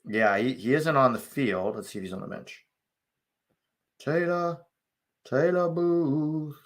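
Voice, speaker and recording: A man's voice: lowish voice, fairly bright tone. A young man hosting a live soccer watch-along, chatting casually with sarcastic rants and swearing. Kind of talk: casual live-stream chat.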